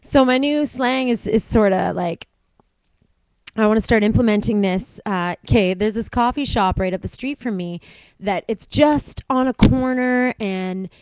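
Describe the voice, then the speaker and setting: A woman co-hosting a casual chat, telling animated stories and breaking into silly voices. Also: fairly high pitch, a little slow, smooth, dry recording, low-quality recording. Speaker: podcast co-host.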